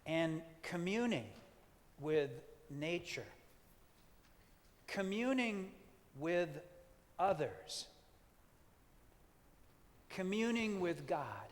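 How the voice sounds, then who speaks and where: A pastor, a man, leading a gentle, reflective sermon with playful asides. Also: high voice, very animated, very slow, pauses often. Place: church sanctuary. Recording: long hall reverb.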